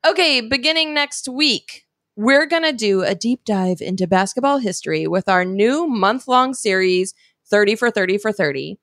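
A woman co-hosting a podcast in casual chat, warm and encouraging. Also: medium pitch, animated, moderate pace, dry recording, studio quality. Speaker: podcast co-host.

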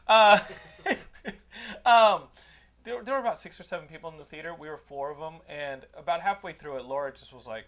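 A man hosting a podcast, telling a movie story in a loud, profane way and often laughing. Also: fairly high pitch, brisk. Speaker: podcast host. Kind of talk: casual chat, movie review.

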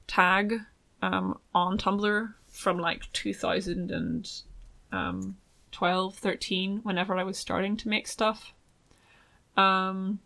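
Bright-voiced young woman rambling casually. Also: medium pitch, no room sound. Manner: rambling, many ums and likes. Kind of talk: casual chat.

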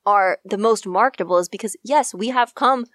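A woman's voice: medium pitch, fairly quick, fairly bright tone, no room sound, clean studio sound. A young woman co-hosting a casual podcast chat, earnest and opinionated. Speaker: podcast co-host.

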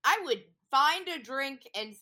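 Bright-voiced woman ranting sarcastically on a chatty podcast, swears a lot. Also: high-pitched, lively intonation, slow pace. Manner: sarcastic, profane, riffing rants. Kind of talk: casual chat.

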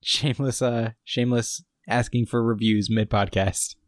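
With a medium-pitched, steady voice at a moderate pace, a male podcast co-host casually walks through a TV episode, retelling scenes with quoted lines and frequent laughter. There's no room sound, and the quality is studio-grade.

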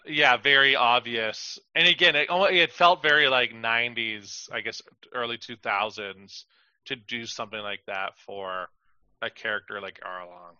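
A man with a very bright, forceful voice chats as a podcast co-host, halting and filling gaps with "like". His mic sounds dull and lo-fi, and the sound is dead dry with no room. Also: mid-range voice, clean tone, dry recording. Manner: halting, heavy use of "like". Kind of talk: casual chat.

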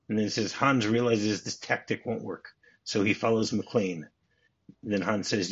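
Speaking in a slightly rough voice on the low side, a man hosts a casual film podcast where he chats, reads passages from scripts aloud, and makes quick asides. The recording is dull and lo-fi.

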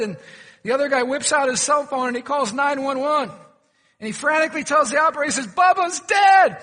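In a church sanctuary, a pastor preaches a sermon full of humorous stories, questioning his congregation and cracking folksy jokes. His voice is very high-pitched, bright, and forceful, trailing a long reverb tail.

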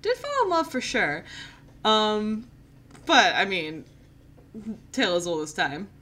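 A woman's voice: medium pitch, slow pace. A young woman co-hosting a podcast in a casual, chatty way, laughing often. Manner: giggly, animated and chatty. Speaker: podcast co-host. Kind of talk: casual chat.

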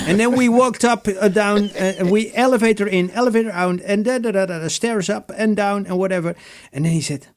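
A man co-hosting and telling a story in halting English full of fillers. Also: high-pitched. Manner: halting, many fillers, non-native English phrasing. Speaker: co-host. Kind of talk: casual chat, storytelling.

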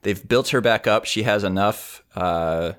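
Low-voiced podcast man chiming in. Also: a little slow, a bit bright, clean tone. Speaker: podcast co-host. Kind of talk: casual chat recapping a cartoon episode.

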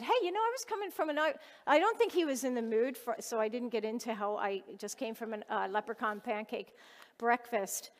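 Woman, high voice, earnest storytelling sermon, long hall reverb. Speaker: lay preacher.

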